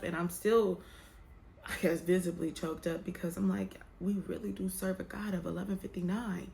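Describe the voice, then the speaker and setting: A woman's voice: mid-range voice, vocal fry, a little mellow, a little hiss or hum. A young woman vlogging to camera, candid and emotional as she talks about faith and waiting, with a colloquial, drawling way of speaking. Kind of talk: casual heartfelt chat to camera. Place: room with some echo.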